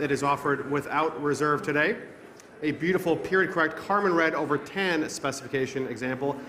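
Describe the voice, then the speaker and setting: A man's voice: a little high, a bit bright, slight background noise. A man reading out polished, enthusiastic descriptions of each lot for an auction. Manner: polished, enthusiastic sales presentation. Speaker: lot announcer. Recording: echoey hall with long reverb.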